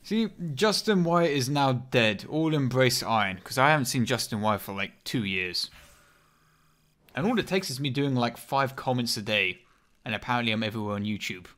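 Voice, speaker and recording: A man giving chatty, sarcastic gameplay commentary, muttering one moment and bursting out loudly the next. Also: mid-range voice, expressive, normal speed. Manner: chatty and sarcastic, swinging from mutters to loud outbursts, heavy slang. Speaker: video game commentator.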